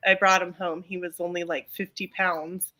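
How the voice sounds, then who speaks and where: A woman's voice: lowish voice, flat delivery, normal speed, pushed and bright. A middle-aged woman co-hosting a live stream, chatting casually and rambling with lots of ums and restarts. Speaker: co-host of a live chat stream. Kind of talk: casual chat.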